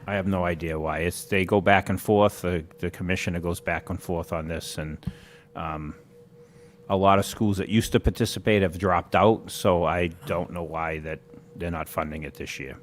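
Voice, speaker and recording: A man answering questions at a school meeting, halting and hesitant, with many ums. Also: sits low, steady tone, slight background noise.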